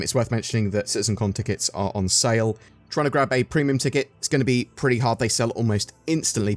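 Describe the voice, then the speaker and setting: A man's voice: lowish voice, darkish tone. An English man hosting a casual game update video, chatty and upbeat, asking viewers questions with the odd um. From England. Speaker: gaming news YouTuber.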